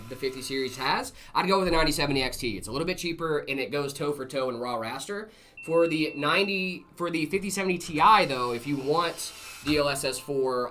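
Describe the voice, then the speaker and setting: A man co-hosting a live stream, answering chat questions about PC hardware in a relaxed, friendly way. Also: fairly high pitch, a little hiss or hum. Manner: relaxed, friendly, fillers and "brother".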